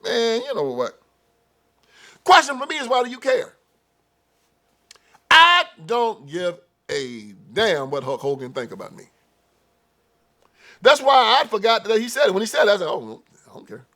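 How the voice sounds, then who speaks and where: Male host, opinion monologue, high voice, very lively pitch, loud bursts then low mutters, laughs a lot. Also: unhurried, pauses often. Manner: animated, swings from loud outbursts to low mutters, laughs often. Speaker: show host.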